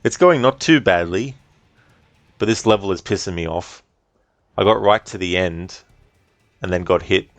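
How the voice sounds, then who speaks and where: A man's voice: deep voice, moderate pace, pauses often, dry recording, faint music behind. A man streaming a game, chatting casually, reading chat aloud and swearing now and then. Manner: relaxed, chatty, reads chat aloud, swears, laughs often.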